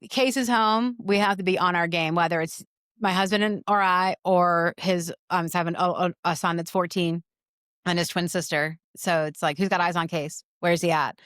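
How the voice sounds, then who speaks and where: Earnest mother, low voice, dry sound. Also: fairly even intonation, a bit bright, clear, resonant tone, dry recording. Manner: earnest, speaks in quick bursts with many restarts. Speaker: guest, mother. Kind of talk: conversational interview.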